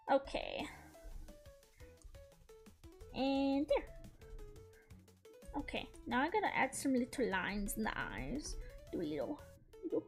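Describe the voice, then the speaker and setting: A woman streamer chatting casually while she draws, gushing like an excited fan, laughing often and swearing freely. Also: high-pitched, measured pace, pauses often, soft background music. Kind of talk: casual chat while drawing.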